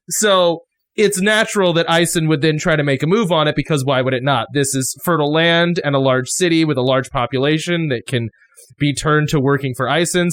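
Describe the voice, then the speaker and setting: Man, tabletop player, slightly high voice, dry sound, drawn-out emphasis. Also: no room sound. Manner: drawn-out emphasis on key words. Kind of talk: explaining setting lore.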